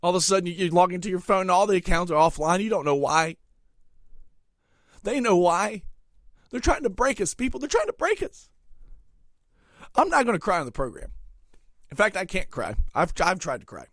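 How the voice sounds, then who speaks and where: Brief: male comic host, high lively voice, angry swearing rants. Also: a little fast, long pauses, dry recording, studio quality. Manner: angry, swearing, swings from muttering to shouting. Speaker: comedic ranting host. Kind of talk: comedic rant monologue.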